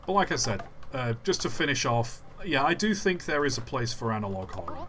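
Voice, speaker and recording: A man's voice: mid-range voice, sing-song, fairly quick, few pauses, a crowd in the background. A young man, commenting casually as he plays a game on a live stream and drifting into long musing asides. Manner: rambling, musing aside while playing.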